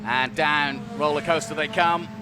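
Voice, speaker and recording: A man with a high voice joins the race commentary, upbeat and quick to banter. Clear car noise and outdoor trackside sound run behind him. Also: fairly even intonation. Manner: responsive, upbeat, banters with partner. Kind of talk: live motorsport commentary. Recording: noisy trackside with engine sound.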